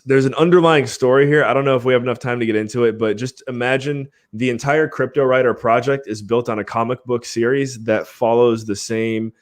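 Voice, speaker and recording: A man's voice: on the low side, smooth. A man hosting a live podcast stream, chatting casually in an upbeat way and laughing often. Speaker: podcast host.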